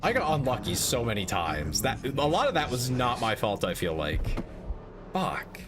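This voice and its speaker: A man's voice: mid-range voice, huge pitch swings, normal speed. Sarcastic, swearing male streamer. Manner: sarcastic, swearing, exasperated ranting. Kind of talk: live gameplay commentary. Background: game music.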